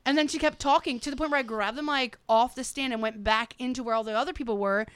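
A woman comedian chatting on a podcast with a high voice, blunt and quick with profane jokes. The sound is close and dry. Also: fairly bright tone, clean tone, no room sound. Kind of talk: casual chat.

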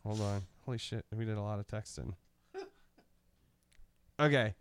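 A man's voice: lowish voice, normal speed, smooth. A man hosting a casual podcast chat, telling a story with lots of quoted dialogue. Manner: animated storyteller who acts out quotes. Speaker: podcast host.

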